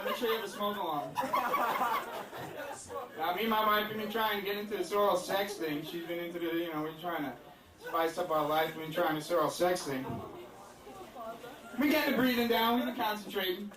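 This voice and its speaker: Male stand-up comic with a high voice, crude and rambling, distant echoey club recording with a roaring crowd. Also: fairly quick. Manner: rambling, crude, self-deprecating with many fillers. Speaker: stand-up comedian. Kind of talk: stand-up comedy set. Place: comedy club stage with a laughing crowd.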